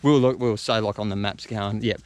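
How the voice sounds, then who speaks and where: Fast-talking Australian man telling a story. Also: on the low side, fairly even intonation, clear, resonant tone. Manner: rambling, lots of fillers and slang. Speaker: travel vlogger. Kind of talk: casual storytelling.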